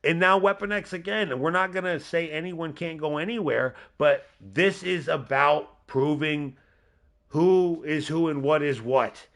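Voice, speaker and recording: A man with a nasal voice hosting a live wrestling video game stream, giving excitable, rambling play-by-play and chatting to his viewers. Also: a little high, a little slow. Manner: excitable, rambling, talks to a chat member by name. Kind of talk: casual live gameplay commentary.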